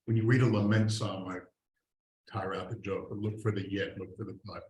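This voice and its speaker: A man's voice: low voice, steady tone, a little fast, darkish tone. A man teaching an adult Sunday school class in a church room, talking conversationally and reading scripture aloud. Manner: conversational, reads scripture aloud, trails off and restarts. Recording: echoey room, faint hiss.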